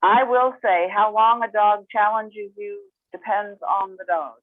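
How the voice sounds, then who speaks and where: A woman moderating a casual Zoom Q&A, explaining in a relaxed, friendly way. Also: mid-range voice, measured pace, no echo. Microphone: video call. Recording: tinny phone-line audio.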